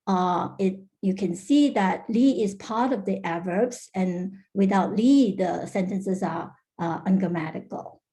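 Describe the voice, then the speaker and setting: Woman giving an academic talk, mellow tone. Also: mid-range voice, a little slow, hardly any pauses. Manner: frequent "uh" fillers and restarts, careful explanatory delivery. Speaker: linguistics researcher presenting a talk. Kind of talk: academic conference presentation.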